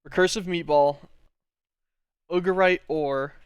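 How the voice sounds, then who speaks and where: A man streams a game and thinks aloud while playing, his relaxed, rambling commentary sprinkled with "um"s and "like"s. His smooth voice is fairly high and slow, with a close, dry, lo-fi sound and no room sound.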